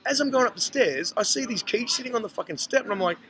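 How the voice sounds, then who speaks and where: A man hosting a podcast, telling a story in casual chat, animated and swearing, acting out what people said. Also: very high-pitched, fast talker, noisy background. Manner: animated, acts out quotes, frequent swearing. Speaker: podcast host. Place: busy hostel bar. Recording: loud crowd chatter behind.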